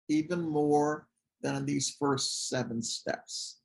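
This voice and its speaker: A recovery support group leader giving a personal, testimony-style talk, telling stories with animation and swinging from excited highs to soft low asides. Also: slow, creaky. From Washington, DC area.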